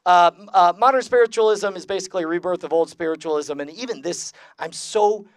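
A man's voice: high voice, a little fast, clear, resonant tone, no echo. A man giving a live convention lecture to an audience in a casual, jokey, profane way, with lots of filler sounds. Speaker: lecturer and magician. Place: convention talk before an audience.

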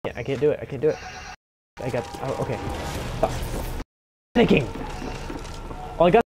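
A young man giving live commentary on a game from his own room. He swears constantly and bursts into startled yelling. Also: medium pitch, animated, moderate pace, over music. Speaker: gameplay commentator.

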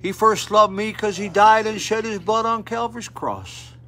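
Older guy preaching at a mission, high bright voice, folksy and fired up, drifts off the mic sometimes. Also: moderate pace, faint music behind. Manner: folksy, plain-spoken, with fervent rising appeals. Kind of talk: sermon. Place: mission auditorium.

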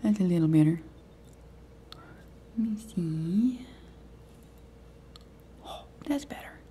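A woman hosting a nail art video, chatting casually and half-whispering to herself as she works, easily excited. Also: fairly low pitch, takes it slowly, a little hiss or hum. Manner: mutters and half-whispers to herself while working; excitable, eager. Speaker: nail art channel host. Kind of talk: casual tutorial commentary.

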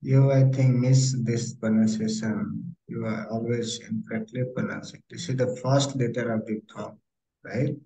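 A man's voice: mid-range voice, steady tone, normal speed, mellow, slight background noise. Man tutoring in a roomy echo. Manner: corrective, repeats instructions in non-native English. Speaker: Korean language teacher. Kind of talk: online tutoring lesson.

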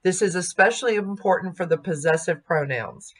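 A woman teaching a music diction lesson, speaking slowly and carefully and modeling sung vowels and words aloud. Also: on the low side.

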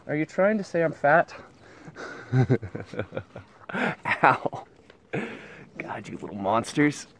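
A man vlogging outdoors on a ranch into a handheld camera, tired and sweaty, cooing excitedly at puppies. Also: slow, long pauses, a little hiss or hum. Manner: excited, coos at puppies in a high voice. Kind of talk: casual vlog.

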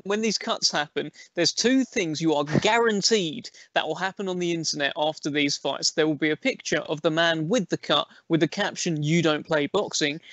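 A man's voice: on the high side, fairly bright tone, no echo, dull audio. A man hosting a boxing podcast, playful and jokey, teeing up his co-host with puns and light teasing. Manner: jokey, playful, quick to laugh. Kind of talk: casual podcast chat.

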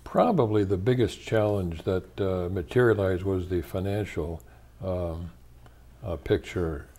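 In a low, warm voice, an older man from the United States, a retired church leader, responds to interview questions. He is measured and thoughtful, with frequent pauses and restarted sentences.

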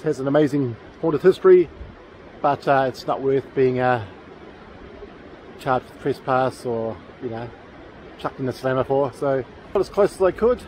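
A man's voice: mid-range voice, darkish tone, slight background noise, low-quality recording. Chatty New Zealand man vlogging outdoors. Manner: chatty, enthusiastic, rambling with fillers. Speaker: paranormal vlogger. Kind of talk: casual outdoor vlog. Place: outdoors by a railway tunnel in the bush.

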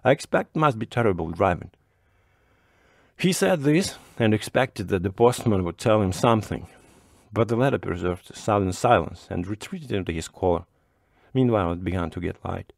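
Low-voiced male storyteller. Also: creaky, no echo, clean studio sound. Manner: measured, expressive reading. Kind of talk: audiobook narration.

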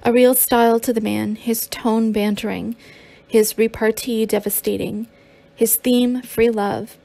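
A woman's voice: a little high, level tone, measured pace, gravelly, mellow. A woman narrating a memoir as an audiobook, with occasional stumbles and restarts.

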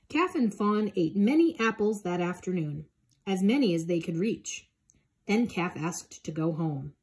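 A woman reading a children's picture book aloud in a gentle, expressive way. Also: lowish voice, moderate pace, slightly rough. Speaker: storybook reader.

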